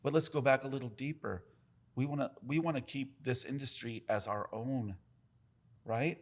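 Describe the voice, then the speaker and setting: A tattoo artist with a medium-pitched voice speaks at normal speed while telling stories in a casual podcast chat. He is emphatic and full of swearing, talking with his hands about his craft.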